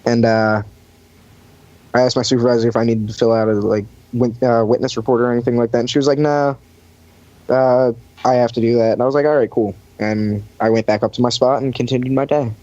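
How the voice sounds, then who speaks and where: A man's voice: mid-range voice, fairly even intonation, brisk, dark tone, no echo. A young man rambles through a story on a casual podcast, leaning on fillers and putting on voices for the people he quotes. The recording is dry and a little dull, like a cheap mic in a small space. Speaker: podcast guest recounting lifeguard job. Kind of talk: casual chat.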